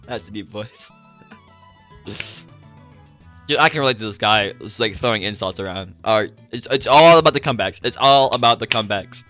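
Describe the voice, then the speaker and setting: A man's voice: fairly low pitch, moderate pace, sharp tone, soft background music. A young man streaming, reading a visual novel aloud with joking, slangy asides.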